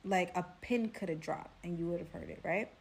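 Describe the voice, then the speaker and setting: A woman's voice: lowish voice, normal speed, creaky. Chatty young New woman telling a story. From Brooklyn, New York. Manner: chatty, dramatic, lots of "like" and "right?". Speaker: storyteller vlogger. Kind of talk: casual storytime.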